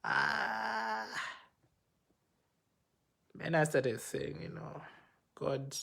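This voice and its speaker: A man's voice: a little high, measured pace, fairly bright tone. A man, a pastor, telling a personal story on a livestream, acting out the quoted exchanges with animation. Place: home, speaking to a phone for a live video. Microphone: phone microphone.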